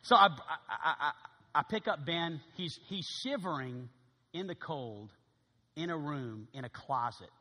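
Animated preacher telling a story in a hall. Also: male voice, fairly high pitch, measured pace. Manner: animated, acts out voices. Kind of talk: sermon storytelling.

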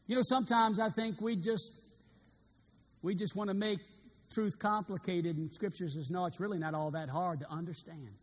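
A man's voice: high-pitched, steady tone, normal speed. A man preaching a sermon, dramatic and earnest, acting out quoted words with rising intensity. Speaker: pastor. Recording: long reverb of a large hall.

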